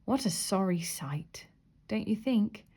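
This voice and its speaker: A woman reading a children's story aloud with expressive, animated pitch. Her voice is soft and breathy, dropping now and then to a whisper. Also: slow. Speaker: story reader.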